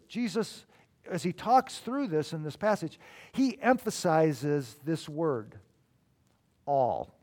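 A man preaching a sermon as a pastor, emphatic, with sudden swings between loud declarations and quiet asides. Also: high-pitched.

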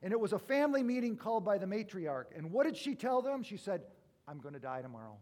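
High-voiced male pastor preaching. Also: animated, fast. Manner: storytelling with wide swings from loud to hushed. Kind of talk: sermon.

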